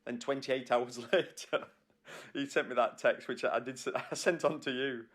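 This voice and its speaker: A man co-hosting a podcast in casual chat, joking and teasing and quick to laugh. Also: medium pitch, fairly even intonation, fairly bright tone. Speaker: podcast co-host.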